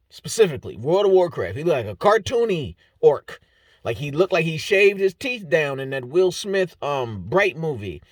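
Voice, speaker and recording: A man talking through fight results in a loose, joking ramble, his voice rising and falling a lot as he gets worked up. He sits a little high for a man and sounds close and dry on the mic, tripping over hard names as he goes. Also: dry recording. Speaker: MMA fight breakdown host. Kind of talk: casual solo commentary.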